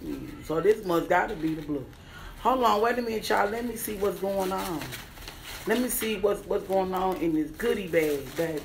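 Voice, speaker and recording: A young adult woman comedian, loud and excitable, swearing freely and chanting words over and over as she unboxes a gift bag on a casual livestream. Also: medium pitch, normal speed, a little hiss or hum. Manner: loud, excitable, profane, sing-song repeating. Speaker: comedian and businesswoman.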